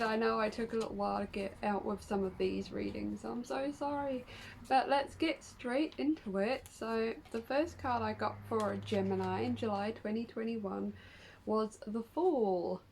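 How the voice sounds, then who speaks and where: A woman's voice: a little high, darkish tone, rough recording. A woman giving a casual tarot reading to her viewers, chatty and upbeat, with lots of fillers as she explains each card. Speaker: tarot reader.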